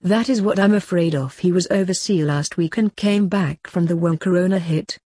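A woman's voice: fairly low pitch, moderate pace, warm tone, breathy edge, no echo, studio quality. A woman voicing a grumpy, ancient male doctor who grumbles wearily. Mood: grumbling. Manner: grumbling and weary.

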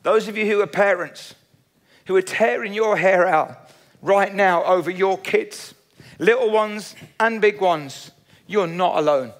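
A man's voice: high-pitched, unhurried. A man preaching a sermon in an earnest, emphatic style, often repeating key phrases. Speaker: pastor.

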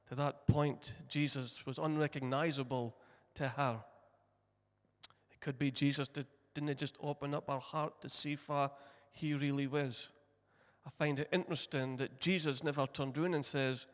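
A man preaching a sermon, retelling a story and acting out its voices, moving between loud, passionate lines and hushed ones. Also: mid-range voice, level tone, moderate pace. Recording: long hall reverb.

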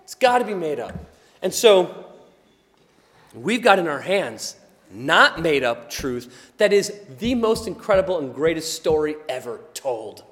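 Lively preacher with booming hall reverb. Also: male voice, unhurried. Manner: animated, swings from quiet asides to loud emphatic shouts; laughs often, conversational. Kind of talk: sermon.

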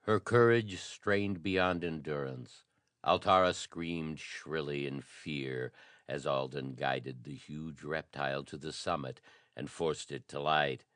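Deep male audiobook narrator, dramatic reading, dry studio sound. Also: slow, fairly bright tone, clear, resonant tone, no room sound. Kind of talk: audiobook reading of pulp adventure fiction.

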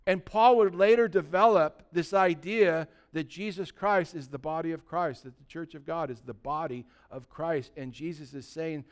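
A man preaching a sermon as pastor, impassioned and rising to loud, emphatic peaks. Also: fairly high pitch, moderate pace, clear, resonant tone.

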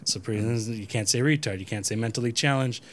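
A man in casual podcast chat, making joking deadpan asides. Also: medium pitch, quick pace.

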